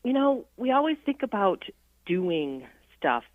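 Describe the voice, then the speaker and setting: A woman's voice: medium pitch, very animated, a little slow, dry recording. A woman calling in as a radio guest, talking about faith in an earnest, reflective way and laughing easily. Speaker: guest on a Catholic radio show. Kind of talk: casual spiritual chat on air. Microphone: phone call. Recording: tinny dry phone line.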